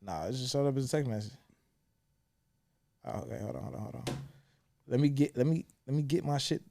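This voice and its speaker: A man's voice: mid-range voice, expressive, brisk, vocal fry, mellow. A young man hosting a podcast, talking candidly and reflectively with frequent swearing. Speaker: podcast host. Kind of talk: casual chat.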